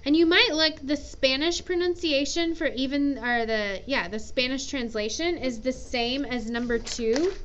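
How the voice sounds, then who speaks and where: Female ESL teacher, high voice, unhurried, playful asides, lo-fi sound. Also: fairly bright tone, slight background noise. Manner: patient, repeats each word twice for practice. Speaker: English teacher. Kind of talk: ESL grammar and pronunciation lesson.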